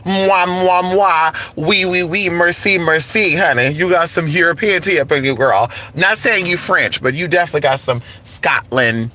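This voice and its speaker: A woman with a lowish voice speaks at a moderate pace, hardly pausing, her tone sharp with a slight hiss or hum. She hosts a sassy, campy spiritual chat, calling people "honey" and "girl" and singing along to faint music in the background.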